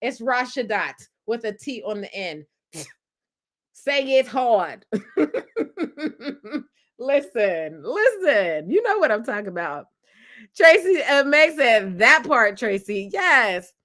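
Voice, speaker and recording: Speaking slowly with a fairly high pitch, this young woman is a podcast host reading her live chat aloud. She keeps the casual stream lively, affirming and hyping up commenters with animated enthusiasm.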